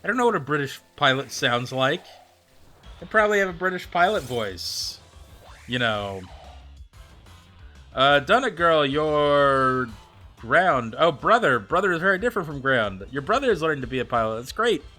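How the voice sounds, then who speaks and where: A man's voice: on the high side, big pitch swings, moderate pace, bright, forceful tone, faint music behind. A man streaming and chatting casually with viewers, rambling with plenty of fillers and answering them by name. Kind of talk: casual livestream chat.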